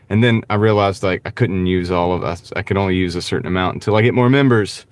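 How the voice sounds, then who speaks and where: Male streamer, casual and halting, reads out chat names, low-pitched, dry clip-mic sound. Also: no echo. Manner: rambling, halting, full of fillers and restarts; greets and thanks chat viewers by name. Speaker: gig-driving livestream host. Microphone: wireless clip-on mic.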